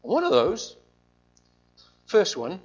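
Male preacher, high and animated, conversational sermon, muffled lo-fi sound. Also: slow, husky.

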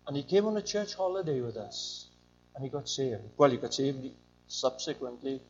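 A man's voice: medium pitch, lively intonation, normal speed. An older man preaching a sermon in an emphatic, rising and falling way. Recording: dull lo-fi recording.

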